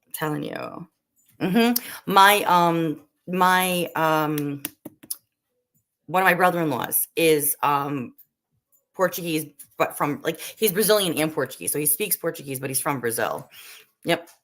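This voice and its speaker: This woman hosts a casual livestream, talking with viewers in a loose, rambling way that is full of "like" and "um." Her voice sits low for a woman. She grew up in the Northeastern United States. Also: unhurried, fairly bright tone. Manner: rambling and chatty, heavy with "like" and "um". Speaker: livestream host. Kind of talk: casual chat while cooking, answering viewer comments.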